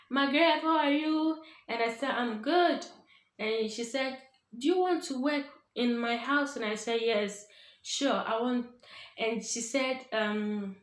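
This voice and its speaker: A Ghanaian woman vlogger telling a personal story casually, acting out what others said. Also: fairly high pitch. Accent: Ghanaian English. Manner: animated, acts out other people's voices. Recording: echoey room.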